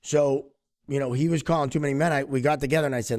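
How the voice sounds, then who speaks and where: A middle-aged man talks in a relaxed, conversational way on a podcast. He often plays devil's advocate and sounds dry and close to the mic. His pitch sits in the middle of the range. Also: fast talker, no room sound. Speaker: hockey official and podcast co-host. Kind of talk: casual podcast chat.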